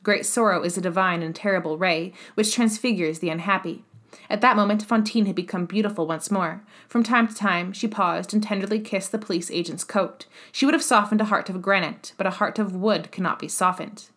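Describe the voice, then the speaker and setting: A woman reads a classic novel aloud in a steady, formal narrating voice. Her voice sits at an ordinary middle pitch, neither high nor low. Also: a little fast. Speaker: audiobook narrator.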